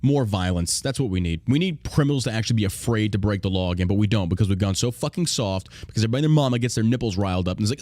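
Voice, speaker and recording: Profane, combative podcast host. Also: male voice, on the low side, animated, very fast, few pauses, darkish tone, no room sound. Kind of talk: ranting podcast commentary.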